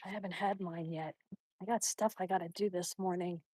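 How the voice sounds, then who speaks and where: A woman's voice: fairly low pitch, steady tone, fairly quick, a little mellow, no room sound, studio quality. A woman hosting a live stream on a morning walk outdoors, chatting with viewers, reading their comments aloud and baby-talking to her dog. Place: outdoors at a mountain park.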